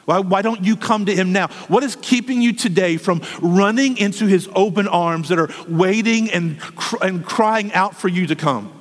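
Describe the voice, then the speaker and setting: A man's voice: high voice, normal speed, hardly any pauses, long reverb tail. A male preacher giving an earnest, pleading sermon full of repeated questions.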